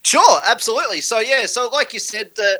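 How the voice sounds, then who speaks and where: An Australian man, a filmmaker guest, answering in a relaxed, joking way with frequent "uh"s. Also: very high-pitched, fairly quick, husky, poor audio. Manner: relaxed, joking, says "uh" often. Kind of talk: casual interview answers.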